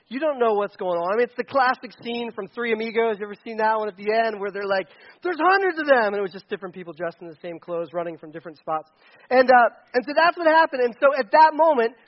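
A man preaching a sermon, telling a story in a lively, animated way and acting out the quotes. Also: sits high, muffled recording. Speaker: pastor.

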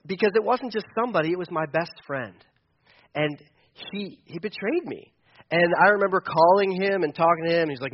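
A middle-aged pastor with a high voice and lively intonation preaches fairly quickly over lo-fi sound. In this sermon storytelling he recounts a personal story with candor and a self-deprecating edge, restarting and using fillers often.

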